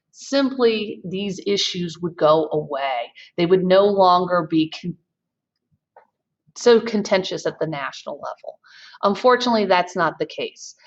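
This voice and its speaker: Woman teacher for a recorded lecture: calm, explanatory delivery, medium voice, somewhat lo-fi sound. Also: medium pitch. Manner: measured, explanatory, occasional ums. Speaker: history teacher.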